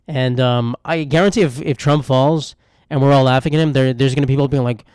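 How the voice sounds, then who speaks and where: A young man at mid pitch rambles through a solo comedy podcast, irreverent and self-mocking, often drifting into muttered asides. The mic is close and dry, with no room sound. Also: fairly even intonation, fairly quick, darkish tone, clean tone, dry recording. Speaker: podcast host.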